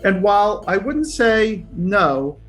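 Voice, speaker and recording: A man's voice: sits high, big pitch swings, takes it slowly, a bit bright, faint music behind. A man, a linguist, answering an interview question hesitantly and thinking aloud.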